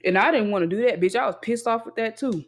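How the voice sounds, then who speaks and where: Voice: medium pitch, fast. Young adult ranting bluntly with profanity. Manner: blunt, heavily profane, emphatic ranting with repeated refusals. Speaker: podcast host venting. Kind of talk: casual solo venting monologue.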